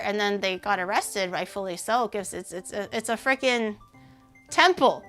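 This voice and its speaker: Female streamer, casual indignant chat, slightly high voice, faint background music. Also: normal speed, clear, resonant tone. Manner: rambling, heavy use of "like", animated indignation.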